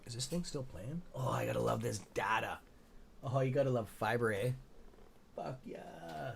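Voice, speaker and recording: Excitable, swearing trading-stream host, a man. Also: medium pitch, a little fast, creaky, slight background noise. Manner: excitable, profane, talks to viewers by nickname; mutters asides to himself under his breath. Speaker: stock trading livestream host. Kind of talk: live-streamed market commentary, reading chat.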